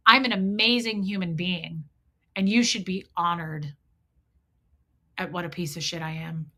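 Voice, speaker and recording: Blunt, animated woman with a bright voice. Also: medium pitch. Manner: blunt, profane and animated, acting out both sides of old arguments. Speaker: host. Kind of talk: candid livestream storytelling.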